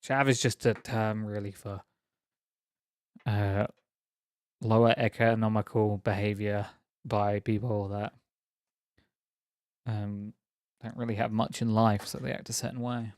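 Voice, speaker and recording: A man's voice: lowish voice, little pitch movement, unhurried, pauses often, no room sound, studio quality. A young man chatting casually on a live stream, rambling, laughing often and teasing viewers.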